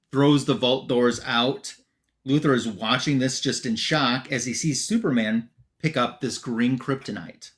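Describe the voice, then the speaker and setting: Male host at a mid pitch, chatty comic recap delivery with quick quoted asides. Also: fairly bright tone. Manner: retells scenes with filler words and quick quoted asides. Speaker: podcast host. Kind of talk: casual comic book recap.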